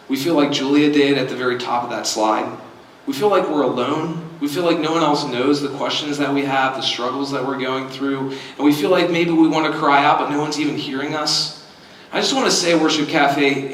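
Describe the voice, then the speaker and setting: A man's voice: fairly high pitch, a bit bright, slight background noise. A man preaching a sermon to his congregation, telling a story earnestly and acting out the quoted voices in it. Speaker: pastor. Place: church hall. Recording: echoey hall, distant mic.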